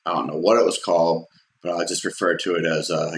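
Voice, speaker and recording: A man with a low, fairly flat voice speaks fast, casually recounting a personal story in a room with a roomy echo. He rambles with fillers and restarts, acting out quotes in a raised voice.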